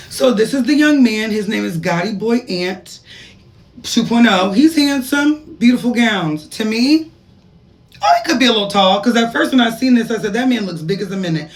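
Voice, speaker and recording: A woman spilling gossip in a loose, talkative storytime voice, reading screenshots aloud and reacting as she goes. She sits a little back from the microphone, so her voice sounds somewhat distant. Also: medium pitch. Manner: gossipy, chatty, reads text messages aloud with laughing asides. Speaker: gossip commentator. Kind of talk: casual storytime commentary.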